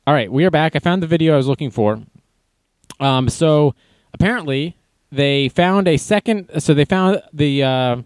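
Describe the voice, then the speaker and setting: A man's voice: fairly high pitch, darkish tone, no echo. A man casually reading news aloud and adding wry, jokey asides as an online commentator.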